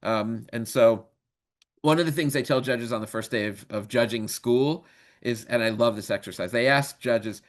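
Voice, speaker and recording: A man's voice: medium pitch, moderate pace. A man in his fifties who has worked as a lawyer, giving a casual, joking training webinar lecture with many ums. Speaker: legal trainer.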